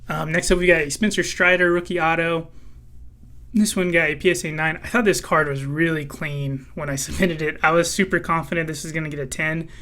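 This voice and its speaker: A man talks casually to his channel viewers, his voice bright and a touch higher than most. He sounds a little hoarse and clears his throat now and then. He fills pauses with plenty of ums and uhs. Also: steady tone. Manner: casual, many fillers. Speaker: card collecting channel host. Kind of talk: casual vlog commentary.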